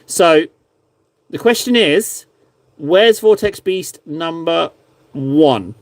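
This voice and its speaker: A man's voice: on the high side, animated, very slow, dry recording. A man chatting casually on a live stream, reviewing viewers' painted miniatures in a rambling, self-mocking, playful way.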